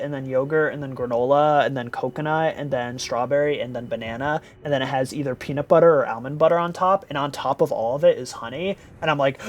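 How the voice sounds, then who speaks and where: A tired young man with a mid-range voice streams live, chatting loosely with viewers. He rambles, giggles, and playfully repeats words.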